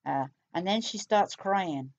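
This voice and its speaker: A woman's voice: lowish voice, animated, takes it slowly, darkish tone, lo-fi sound. A woman giving casual recorded commentary on a true crime case, chatty and repetitive, speculating aloud with asides.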